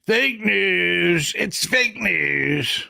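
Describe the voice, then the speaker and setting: A man's voice: high voice, expressive, extremely slow, creaky, sharp tone, no room sound, clean studio sound, voice pushed up, heavily acted. Man doing a blustery old politician impression. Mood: mocking. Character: blustery older man politician scoffing at the press.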